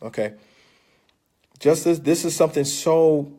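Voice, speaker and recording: A man's voice: on the high side, normal speed, long pauses, mellow. Coaxing older man filming on his phone. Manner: salesy, coaxing, keeps checking in with "okay?". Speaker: vlogger pitching an investment. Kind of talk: casual persuasive vlog talk. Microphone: phone camera.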